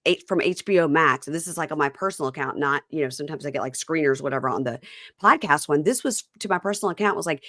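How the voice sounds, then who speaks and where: A middle-aged woman from Mississippi hosting a podcast, chatting casually with quick asides and frequent laughter. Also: low voice, lively intonation, bright, forceful tone, no echo, studio quality. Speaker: podcast host. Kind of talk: casual chat.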